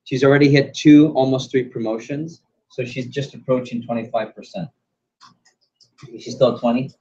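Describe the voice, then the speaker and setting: A man running a sales training class, animated and quizzing the group with questions. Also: mid-range voice, normal speed. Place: training room. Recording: dull lo-fi recording.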